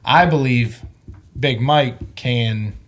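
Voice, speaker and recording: A man's voice: medium pitch, extremely slow. A man co-hosting a casual sports podcast, blunt and profane, who gets worked up when he makes his point. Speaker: podcast co-host.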